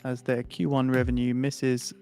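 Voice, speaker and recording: Male financial news reader, clipped delivery, mid pitch. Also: monotone, moderate pace, a little mellow, faint music behind. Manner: clipped, reads figures and headlines. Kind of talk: market news squawk.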